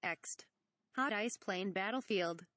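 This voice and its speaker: A woman's voice: mid-range voice, slow, a bit bright, slight background noise. A woman reading a parody script aloud, stage directions and speaker names included. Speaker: reader.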